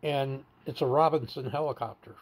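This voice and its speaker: A man's voice: medium pitch, normal speed. A man candidly telling a personal story in an interview, blunt and plain-spoken, stumbling over and repeating words as he goes. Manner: stammers and repeats words while recounting.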